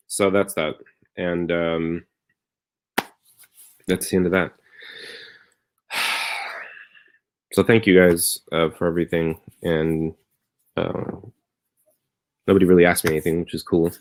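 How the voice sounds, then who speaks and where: A man's voice: low-pitched, little pitch movement, slow pace, long pauses. A comedian telling a rambling personal story on a live stream from his bedroom at home, wry at moments and tender at others. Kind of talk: casual confessional monologue.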